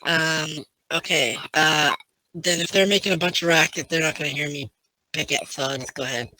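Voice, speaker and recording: Bright, rambling tabletop player. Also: medium pitch, moderate pace, dry recording, poor audio. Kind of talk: casual tabletop play.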